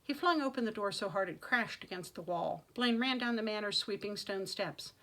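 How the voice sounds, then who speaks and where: A woman author reading her own fantasy novel aloud with dramatic, expressive narration. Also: medium pitch, normal speed, rough recording. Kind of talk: audiobook-style fantasy reading.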